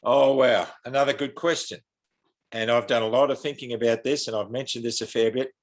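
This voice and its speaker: A man's voice: medium pitch, fairly even intonation, fairly quick. A man with an Australian accent, a podcast guest speaking earnestly and with passion, like a preacher.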